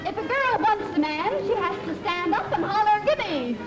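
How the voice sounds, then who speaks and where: A woman's voice: very high voice, lively intonation, moderate pace, highs cut off, over a noisy crowd. A brash dance-hall girl. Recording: old film soundtrack over loud music.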